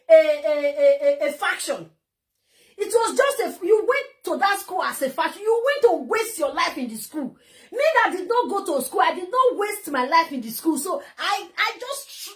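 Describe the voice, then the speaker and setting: A woman with a Nigerian accent delivers a heated, mocking vlog rant. Her voice sits very high and swings widely in pitch, and she keeps circling back over her points. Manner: heated, mocking, repeats herself. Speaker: vlogger. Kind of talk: angry ranting vlog.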